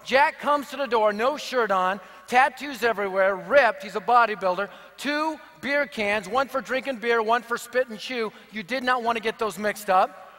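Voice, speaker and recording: High bright-voiced energetic preacher. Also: male voice, moderate pace. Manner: energetic, punchy, joking. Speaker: evangelist speaker. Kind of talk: sermon with humorous storytelling. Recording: long reverb of a big hall.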